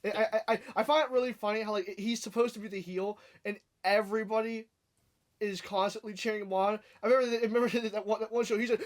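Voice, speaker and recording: A man's voice: high voice, fairly even intonation, quick pace. A man guesting on a casual podcast, who stammers and repeats words and laughs often.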